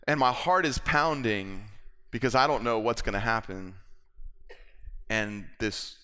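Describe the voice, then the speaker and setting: A man preaching a sermon, telling a personal story in an animated way and acting out the voices of the people in it, with nervous stammers. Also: on the low side, unhurried, long pauses, smooth.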